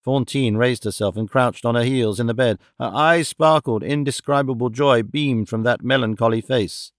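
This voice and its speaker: A man reads a classic novel aloud as an audiobook, his scripted narration measured and expressive. His pitch is medium, and the recording is dry with clean studio sound.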